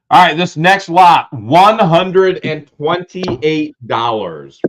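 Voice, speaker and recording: A man hosting a live-stream auction, loudly calling out lots and prices with excitement. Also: a little high, takes it slowly, few pauses, background noise. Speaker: livestream auction host.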